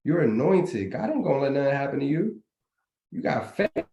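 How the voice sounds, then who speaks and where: A man's voice: medium pitch, very animated, moderate pace, gravelly, mellow, muffled recording. A man hosting a live community chat, talking in a preachy, motivational, slangy way. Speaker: trading community host. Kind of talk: casual live group chat. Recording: roomy echo.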